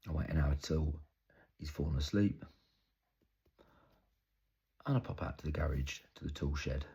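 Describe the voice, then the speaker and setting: A young man delivers a dramatic monologue in a very deep voice. His voice is strongly husky and rough. He tells the story intensely and haltingly, with frequent swearing. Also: warm tone. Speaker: actor.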